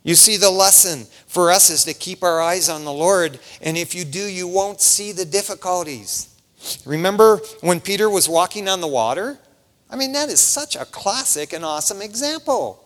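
A man's voice: sits high, moderate pace. A middle-aged man preaching a sermon in a casual, conversational way, often tossing in "man" as he talks. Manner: animated, conversational, peppers lines with "man". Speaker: pastor. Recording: long reverb of a large hall.

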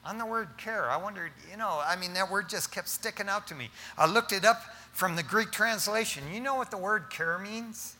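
A middle-aged man preaching as pastor, talking in an animated, casual way and often calling his listeners "man". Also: high-pitched, normal speed, few pauses, long reverb tail. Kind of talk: sermon.

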